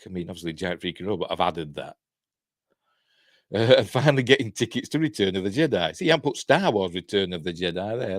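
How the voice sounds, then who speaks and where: Man, Yorkshire accent, low voice, lively up-and-down delivery, casual news host, chatty rambling asides. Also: quick pace, dry recording, clean studio sound. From Yorkshire, England. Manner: reads articles aloud then comments on them. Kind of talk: casual live news round-up.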